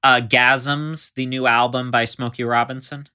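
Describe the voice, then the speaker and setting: A man's voice: medium pitch, level tone, measured pace, bright, forceful tone, clear, resonant tone. A man co-hosting a podcast, chatting casually and slipping in wry, joking asides. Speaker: podcast co-host. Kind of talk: casual conversation.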